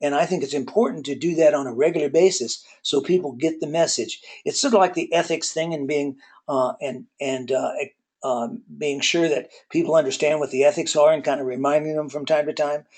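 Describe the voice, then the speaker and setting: A man giving a relaxed webinar talk on workplace accountability, telling folksy personal stories with many pauses and filler words. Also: fairly high pitch. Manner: folksy storyteller.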